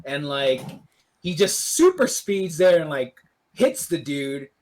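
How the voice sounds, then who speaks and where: A man's voice: a little high, big pitch swings, takes it slowly, a little mellow. A man with a slightly raised voice recapping a movie on a casual review podcast. He rambles loosely, fills his lines with "like," and acts out characters' quotes. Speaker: podcast co-host.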